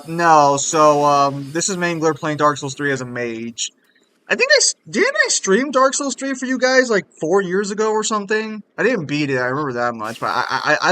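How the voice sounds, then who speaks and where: A young man streaming a video game, chatting excitably and swearing a lot. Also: fairly high pitch. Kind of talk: casual gaming stream chat.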